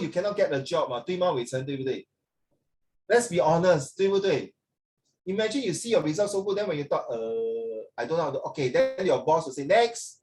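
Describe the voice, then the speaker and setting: A male tutor runs an English class over a video call, cracking jokes and slipping between English and Chinese. His voice sits a little high for a man, and he keeps a playful, chatty teaching manner.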